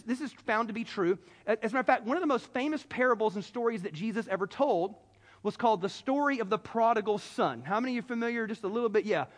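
A man preaching a sermon to a congregation, animated and conversational, with frequent restarts. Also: extremely high pitch. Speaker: pastor. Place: church in front of a congregation.

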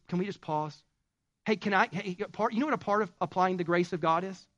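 A man's voice: fairly high pitch, a bit bright, no room sound. A man preaching a sermon as pastor, talking conversationally and building to fervent call-and-response.

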